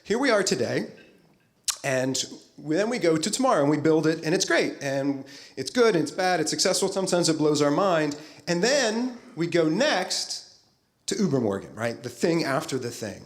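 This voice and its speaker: A man's voice: a little high, sing-song, normal speed. A middle-aged man giving a conference keynote as a futurist, playful and talking straight to the audience.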